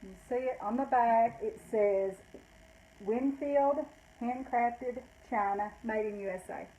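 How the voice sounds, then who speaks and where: Give me a breathless older woman chatting through a vintage sale, slightly high voice. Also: slow, dark tone, poor audio. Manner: chatty, rambling, self-correcting. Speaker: vintage shop owner. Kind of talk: casual live sale talk.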